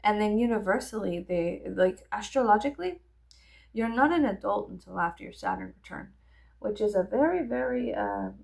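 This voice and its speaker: A woman's voice: mid-range voice, animated, normal speed, creaky, darkish tone. A woman in her thirties chatting casually while getting ready, rambling and joking with lots of profanity. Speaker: vlogger. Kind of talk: casual get-ready-with-me chat.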